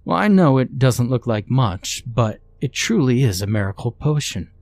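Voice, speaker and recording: A man's voice: medium pitch, animated, normal speed, mellow, slightly rough. A man voicing an earnest inventor who insists his potion works. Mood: insistent. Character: eager male inventor with a miracle potion.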